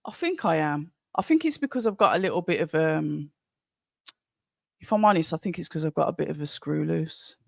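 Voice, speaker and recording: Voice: mid-range voice, lively intonation, a little fast, vocal fry, no room sound, clean studio sound. Chatty streamer with a Birmingham accent. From Birmingham, England. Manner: chatty and rambling, with frequent restarts. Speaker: live-stream host of a boxing watch-along. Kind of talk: casual live-stream commentary, reading out chat.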